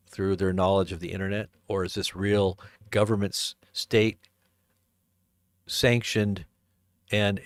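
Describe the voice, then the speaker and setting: Man, preacher-commentator, emphatic, rhetorical questions, medium pitch, dry close sound. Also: dry recording.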